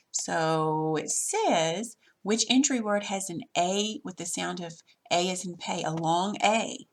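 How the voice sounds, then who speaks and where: A woman teacher patiently walking through a worksheet lesson step by step, recorded over her screen. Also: lowish voice.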